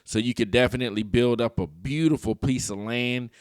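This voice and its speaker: Animated male vlog commentator, dry sound. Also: mid-range voice, brisk, no room sound. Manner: animated, laughs often, talks back at clips.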